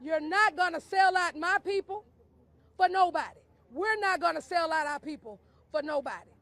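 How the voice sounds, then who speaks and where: A man's voice: extremely high pitch, moderate pace, pushed and bright, dry recording. A man leading a protest rally, emphatic and calling out chants for the crowd to repeat. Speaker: activist rally leader.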